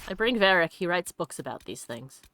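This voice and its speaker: A woman hosting a let's play, reading game text aloud and chatting casually, giggly and quick to put on silly voices. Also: fairly low pitch, sing-song, bright, forceful tone.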